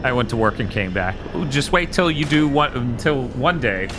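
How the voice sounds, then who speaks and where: A man's voice: mid-range voice, expressive, normal speed, background noise. A man co-hosting a live game stream, chatting casually in a rambling way and swearing now and then. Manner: rambling, swearing, loose storytelling. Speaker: streamer co-host.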